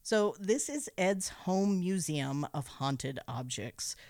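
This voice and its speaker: A playful woman co-hosts a casual podcast and recaps a film with a sarcastic edge. Her pitch swings widely as she talks, and she laughs often. The recording sounds dry and close. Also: expressive, slow pace, a little mellow, no echo. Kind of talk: casual chat.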